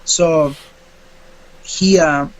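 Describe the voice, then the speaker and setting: A man, a fighter being interviewed, telling a story in a casual, animated way and acting out what people said. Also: a little high, extremely slow, rough recording. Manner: animated, acts out quotes.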